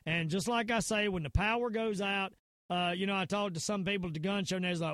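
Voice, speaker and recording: Fillers and false starts pile up as this Southern-drawling podcast host, his voice sitting notably high, rants casually about conspiracies. His intonation stays fairly even, he talks a little fast with a slightly bright tone, and the close, dry recording carries no room sound.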